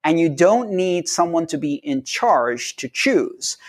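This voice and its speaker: A man's voice: a little high, slow pace. A man interviewed as a guest, explaining ideas in simple terms and briefly acting out the voices of people he quotes. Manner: animated, acts out quoted people.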